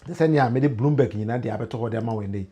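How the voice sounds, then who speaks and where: Rapid-fire political commentary comes from a Ghanaian man on a livestream, switching between Twi and pidgin English, laughing frequently and rising emphatically. His voice is mid-range and slightly rough.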